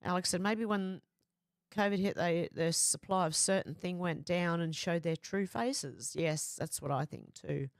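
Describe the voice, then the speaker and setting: An Australian woman hosts a casual livestream, reading viewer comments aloud and chatting back. Her voice sits a little low, and the sound is dry and close with no room around it. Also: a little slow, no room sound. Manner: chatty, reads comments aloud in a lively quoting voice. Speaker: livestream host.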